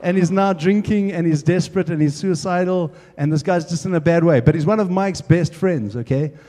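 A man preaches through a casual, chatty anecdote, relaxed and conversational with his congregation. His voice is mellow and somewhat high, carrying a long reverb from the church hall. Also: a little fast. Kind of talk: sermon storytelling. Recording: echoey hall.

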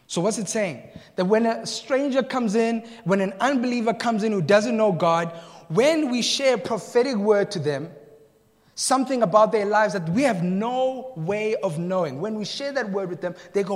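A man's voice: high-pitched, moderate pace. A man from South Africa preaching a sermon, telling anecdotes with laughter and questioning the congregation. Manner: storytelling, laughs at own jokes, asks the congregation questions. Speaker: pastor. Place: church hall. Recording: long hall reverb.

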